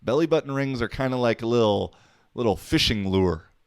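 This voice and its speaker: A man's voice: medium pitch, lively intonation, fairly quick, clear, resonant tone, no room sound, studio quality. A man hosting his own podcast, talking alone in a rambling, profane, wisecracking way. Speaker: podcast host. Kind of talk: casual solo podcast monologue.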